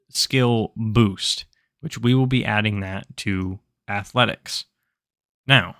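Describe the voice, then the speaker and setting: Man, lowish voice, dry close sound, methodical tutorial host. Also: fairly bright tone, clear, resonant tone, dry recording. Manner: methodical step-by-step explaining. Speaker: tabletop game build guide host. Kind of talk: screen-recorded game tutorial.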